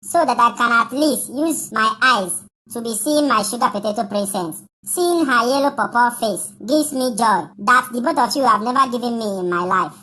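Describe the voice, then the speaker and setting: A woman's voice: on the high side, moderate pace, bright, forceful tone. A woman voicing a silly lovestruck teenage boy, goofy and pleading.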